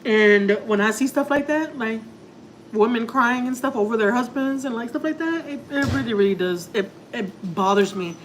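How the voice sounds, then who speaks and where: A woman's voice: on the high side, moderate pace, noisy background. A woman family vlogger telling a story casually to her viewers, rambling and confiding, full of "like" and "you know". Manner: rambling, heavy use of filler words like "like" and "you know"; emotional, confiding.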